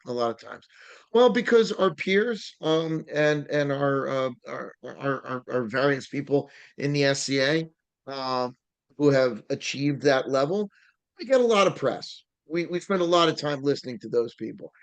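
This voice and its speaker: A man's voice: mid-range voice, moderate pace. A man hosting a podcast in casual chat, rambling with frequent fillers and restarts. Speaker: podcast host.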